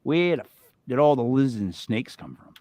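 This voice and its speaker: A man hosting a podcast, chatting casually in an animated, joking, rambling way. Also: medium pitch, fairly quick, dry recording. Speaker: podcast host. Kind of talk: casual chat.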